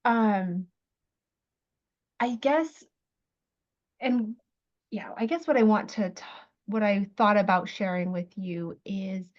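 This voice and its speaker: A woman working as a parenting coach, giving gentle, thoughtful advice on a video call. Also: medium pitch, slow, long pauses, muffled recording.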